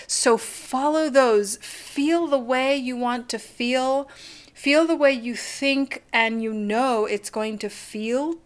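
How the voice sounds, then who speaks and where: Woman, psychic card reader, live stream host, gushing casual chat, fairly high pitch, unhurried pace. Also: fairly bright tone. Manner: chatty and gushing, full of "like".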